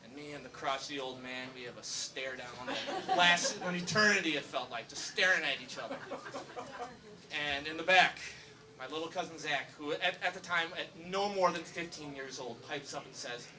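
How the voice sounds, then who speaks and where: A man's voice: fairly high pitch, moderate pace. A young man giving a humorous introduction speech for his father, telling a story with many fillers. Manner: storytelling, joking, hesitant fillers. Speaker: son introducing the speaker. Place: election night event room. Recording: distant mic with loud crowd.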